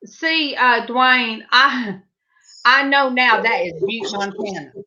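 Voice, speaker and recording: A woman's voice: high-pitched, takes it slowly, bright, forceful tone, highs cut off. A woman guest on a casual video call chat panel, telling a story with hesitant restarts.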